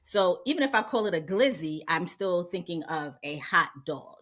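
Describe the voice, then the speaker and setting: A woman's voice: fairly low pitch, expressive, normal speed, fairly bright tone. Wry New woman co-host. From New York, Harlem. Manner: wry, laughing asides. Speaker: podcast co-host. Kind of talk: casual chat.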